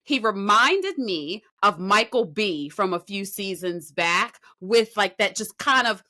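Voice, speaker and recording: A woman's voice: medium pitch, expressive, slow, pushed and bright. A woman co-hosting a podcast who chats in an enthusiastic, emphatic and informal way about the singers. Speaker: podcast co-host. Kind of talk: casual reaction chat.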